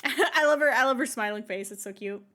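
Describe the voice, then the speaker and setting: A young woman streaming live, chatting casually and excitably between bursts of laughter. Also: fairly high pitch, brisk.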